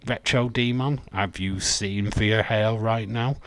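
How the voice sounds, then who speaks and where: A man's voice: on the low side, steady tone, unhurried, a bit bright. A man with a Yorkshire accent hosting a live wrestling watch-along, chatting casually and reacting to viewer messages. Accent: Yorkshire English. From Yorkshire, England. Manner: chatty, reacts to chat messages, laughs easily. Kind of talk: casual live commentary and chat.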